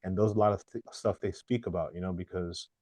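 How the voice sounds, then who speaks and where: A man with a lowish voice interviews a friend, warmly affirming his answers with some hesitant fillers. The recording is dry and close. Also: steady tone, fast, dry recording. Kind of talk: casual interview.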